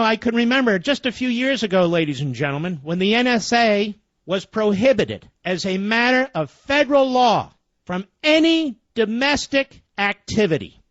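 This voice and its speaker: High-voiced indignant man on talk radio. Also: a bit bright, no echo, muffled recording. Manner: indignant, emphatic, rhetorical questions.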